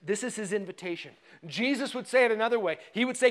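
A man with a notably high voice preaches to a church congregation. He is animated, laughs easily and reads passages of scripture aloud between his own remarks. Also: fast. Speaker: pastor. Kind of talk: sermon.

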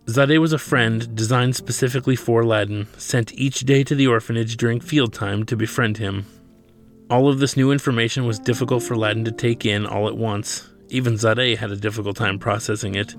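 A man, the author, reading his own novel aloud in a steady, measured way. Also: medium pitch.

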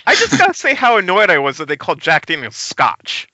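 A man's voice: on the high side, wildly swooping pitch, a little fast, sharp tone, lo-fi sound, a little hiss or hum. A man chatting casually on a video call, emphatic in his delivery. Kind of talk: casual chat.

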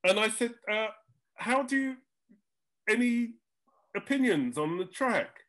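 A man's voice: sits high, lively intonation, slow, a bit bright. An older man, a jingle composer, tells studio stories in a chatty talk show. He has dry comic timing and acts out other people's lines. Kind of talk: anecdotal storytelling chat.

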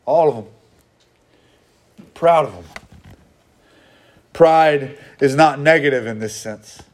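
A man's voice: fairly high pitch, slow. A man preaching a sermon to his congregation, earnest and conversational, often acting out what people say. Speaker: pastor.

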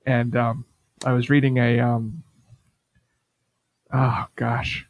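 A man's voice: mid-range voice, level tone, takes it slowly, no room sound, muffled recording. A man co-hosting a podcast in casual chat, telling rambling stories full of "like" fillers. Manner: rambling storyteller, many "like" fillers. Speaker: podcast co-host.

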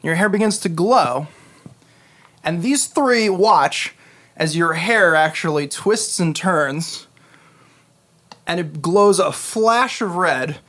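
A man's voice: high-pitched, animated, a bit bright. Man narrating as game master. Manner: descriptive, unhurried, many fillers.

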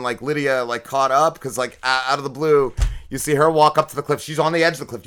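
Here a man with a mid-range, sharp-toned voice co-hosts a podcast. He chats casually through an episode recap that wanders, leaning heavily on profanity and fillers.

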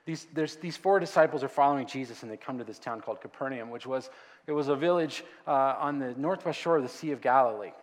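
A man's voice: mid-range voice, fast talker, big-room sound. A man preaching a conversational sermon as a pastor, with joking asides.

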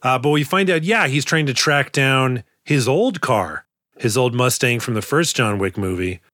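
A man's voice: medium pitch, expressive, moderate pace, a bit bright, no room sound, studio quality. A young man co-hosting a podcast in casual chat, rambling, correcting himself and laughing often. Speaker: podcast co-host.

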